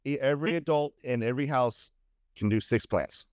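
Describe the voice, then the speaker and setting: A man's voice: medium pitch, fairly quick, dry recording. A middle-aged man talking as a guest in casual chat, emphatic and confident. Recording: dry, dull lo-fi recording.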